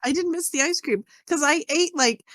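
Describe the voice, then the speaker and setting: A woman's voice: high-pitched, moderate pace, a bit bright, no echo. Chatty woman telling a rambling story. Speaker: podcast co-host. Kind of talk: casual chat.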